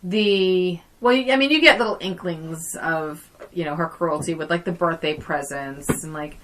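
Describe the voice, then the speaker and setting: A woman's voice: fairly low pitch, normal speed, noisy background. A woman co-hosting a podcast, chatting casually about a film and retelling scenes with many fillers. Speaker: podcast co-host.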